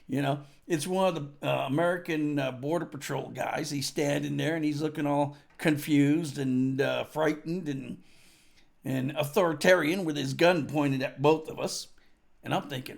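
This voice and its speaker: A man's voice: fairly high pitch, fairly even intonation, moderate pace, creaky. A grieving man telling a casual, profane anecdote at a tribute, full of fillers and asides. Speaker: storyteller at a tribute. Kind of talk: rambling spoken anecdote.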